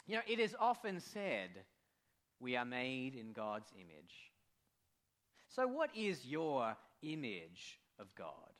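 A male pastor with an accent delivering a sermon in a bright, clear tone. His pitch moves widely, rising and falling with feeling. He speaks with heartfelt warmth and pauses when emotion catches him. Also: huge pitch swings. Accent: non-American accent.

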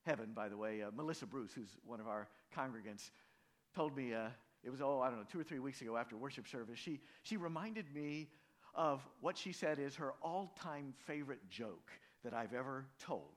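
Man, pastor, sermon, animated storytelling, emphatic peaks. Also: medium pitch, moderate pace.

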